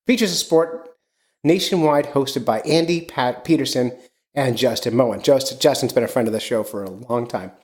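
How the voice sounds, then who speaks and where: A man in the host's chair of a relaxed fishing podcast. His voice sits at an ordinary pitch, and he rambles easily from topic to topic, full of ums and restarts. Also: normal speed. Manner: rambling, chatty, many fillers and restarts. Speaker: podcast host. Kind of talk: casual chat.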